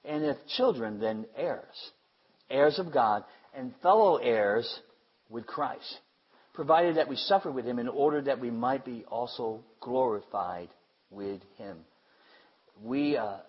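Man preaching, husky voice, muffled lo-fi recording, gets loud then drops real quiet. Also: mid-range voice. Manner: emphatic, repeats phrases, swings between loud and hushed. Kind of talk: sermon.

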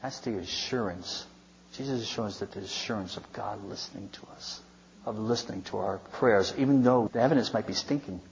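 A man's voice: lowish voice, a little fast, creaky, a little hiss or hum. A male pastor preaching a sermon, retelling scripture in a conversational, storytelling way with wry asides. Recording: dull sound with long hall reverb.

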